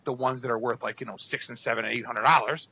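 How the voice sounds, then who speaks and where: A man's voice: medium pitch, fairly even intonation, fast, bright, forceful tone, breathy edge. A man co-hosting a podcast in casual chat, telling long rambling stories full of fillers. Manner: rambling, filler-heavy storytelling. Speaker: podcast co-host. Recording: dull lo-fi audio.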